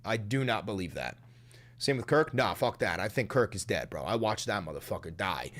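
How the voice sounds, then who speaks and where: A man's voice: lowish voice, expressive, moderate pace, fairly bright tone. A man streaming live and reacting to a clip, ranting bluntly with lots of swearing and wild theories. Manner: blunt, swearing, conspiratorial rants. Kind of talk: profane live-stream commentary.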